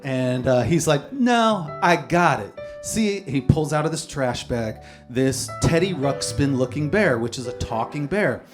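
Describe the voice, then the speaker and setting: A man's voice: medium pitch, a little slow, few pauses. Rambling storyteller man over guitar. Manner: rambling, self-mocking storytelling with laughter. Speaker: comedian and poet. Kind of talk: live stand-up storytelling. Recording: live stage recording with guitar music. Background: guitar music.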